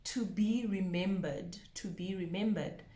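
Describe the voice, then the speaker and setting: A woman teaching a pronunciation lesson, slowly repeating each word with care. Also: medium pitch, dark tone, echoey room. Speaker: language teacher.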